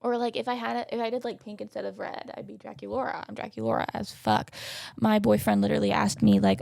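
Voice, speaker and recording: A woman's voice: fairly high pitch, flat delivery, fast, vocal fry, a little mellow, no echo. A young woman hosting a podcast, recapping in a chatty, sassy way and swearing freely. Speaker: podcast host. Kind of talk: casual recap chat.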